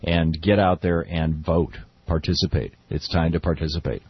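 A man hosting a political call-in radio show, opinionated and quick, often restarting his sentences. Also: sits low, steady tone, slightly rough, dry recording, highs cut off. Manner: opinionated, fast with frequent restarts. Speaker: radio talk show host.

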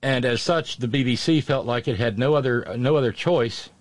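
A man giving casual, sarcastic news commentary, halting with many fillers and restarts. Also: mid-range voice, dry recording. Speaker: political commentator.

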